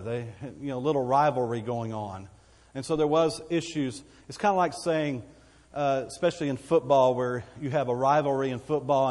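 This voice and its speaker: A man's voice: medium pitch, darkish tone, long reverb tail. A man with a Texan accent preaching a sermon as pastor, folksy and conversational, with asides to the congregation. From Texas.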